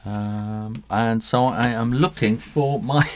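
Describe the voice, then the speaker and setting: A man's voice: mid-range voice, lively intonation, normal speed, gravelly, a little hiss or hum. A man who illustrates books, talking through a live drawing tutorial in a chatty, rambling way with frequent chuckles, working in a studio next to his house. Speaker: illustrator and author.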